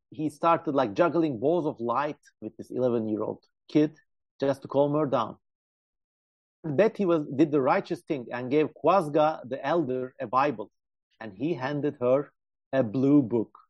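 A man's voice: mid-range voice, husky, dry recording, dull audio. A man co-hosting a casual podcast, retelling a story animatedly with jokey asides and many fillers. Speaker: podcast co-host. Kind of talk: casual chat.

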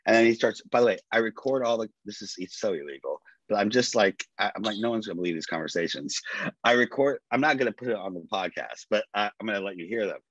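Guy podcast cohost, chatty storyteller, curses a lot, lowish voice, dull dry lo-fi audio. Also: fast talker, hardly any pauses, slightly rough, no echo. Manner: animated storyteller, swears freely, quotes people. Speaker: podcast co-host. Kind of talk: casual chat.

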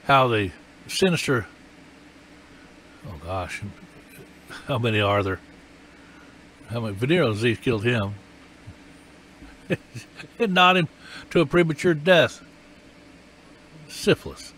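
A man delivering a sermon in a mid-pitched voice, hammering his points home through repetition. His voice climbs for emphasis and drops low for weight. A faint hiss of background noise sits under the recording. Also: lively intonation, slow, long pauses, a bit bright. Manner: emphatic, repetitive, rising and falling with emotion. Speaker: preacher.

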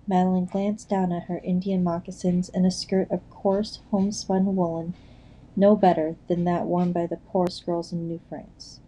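A woman narrating an audiobook in a measured storytelling manner. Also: on the low side, flat delivery, mellow, low-quality recording. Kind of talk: scripted narration.

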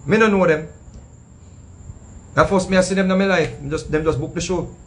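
Jamaican-accented male storyteller, fairly high voice, lively patois delivery, voices the people in the story. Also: normal speed, a little hiss or hum. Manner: animated, acting out what others said. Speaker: storyteller recounting a past show.

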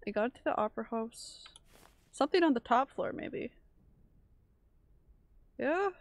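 A woman's voice: fairly high pitch, animated, unhurried, no room sound. Chatty woman streamer, swearing freely. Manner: chatty, swears, frantic bursts. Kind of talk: live gameplay commentary.

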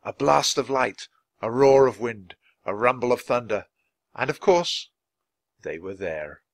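A man reads a children's story aloud, clear and expressive, his pitch moving freely through the lines. The recording is close and dry, with no room sound. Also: measured pace, no room sound. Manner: expressive, clear, natural pace. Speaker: storybook reader. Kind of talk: reading a children's book aloud.

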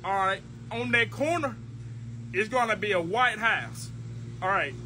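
A man playing a rambling guy who gives a stranger long, repetitive directions in a lowered voice. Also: unhurried, bright, forceful tone, a little hiss or hum.

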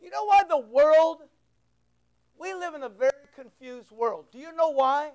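A man's voice: very high voice, lively intonation, moderate pace, darkish tone, low-quality recording. A man preaching a fervent sermon from the pulpit, firing off rhetorical questions and pressing points home with emphatic repetition. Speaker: pastor.

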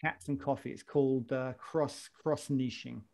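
A man's voice: medium pitch, fairly even intonation, normal speed, vocal fry, darkish tone. A man hosting a casual podcast chat, jokey and rambling, often restarting his sentences. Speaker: podcast host.

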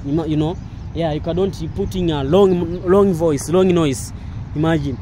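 A man, vlogging a walking tour outdoors in broken English, full of excited repeated exclamations. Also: on the high side, moderate pace, a little hiss or hum. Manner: non-native English, broken grammar. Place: outdoors in a park.

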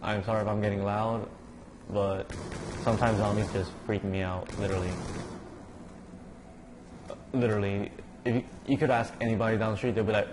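A man's voice: fairly low pitch, steady tone, fairly quick, long pauses, background noise. A young man giving casual, rambling commentary over a zombie game. He mumbles under his breath, curses at the game and sounds sleepy. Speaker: gaming YouTuber.

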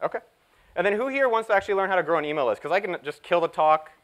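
A man giving a live conference talk, energetic and jokey as he hypes up the audience. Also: high voice, very fast, poor audio. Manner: energetic, jokey, hyping up the crowd. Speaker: keynote speaker.

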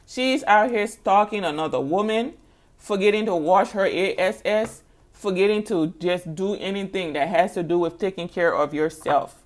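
A woman giving a casual tarot reading, blunt and emphatic, with sassy, scolding asides and the same points said again and again. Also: mid-range voice. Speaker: tarot reader.

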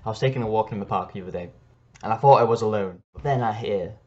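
A man telling a wild comic story to the camera, swinging from hushed whispers to panicked shouting. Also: on the low side, fast talker, muffled recording, slight background noise. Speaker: comedy storyteller.

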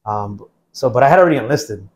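A man in his forties, a veteran guest, recalling his past in a laid-back, halting way during a casual interview. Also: mid-range voice, expressive, darkish tone.

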